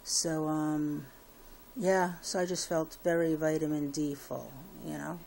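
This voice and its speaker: A woman's voice: low voice, fairly even intonation, unhurried, creaky, a little mellow, a little hiss or hum. A woman giving a casual personal update to her viewers, rambling with many fillers and restarts. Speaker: vlogger.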